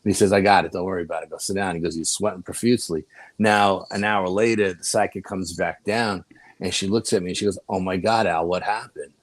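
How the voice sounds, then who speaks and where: A man with a New York accent telling rambling, animated anecdotes as a guest in a casual chat. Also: deep voice, fast, no room sound. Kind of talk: casual storytelling.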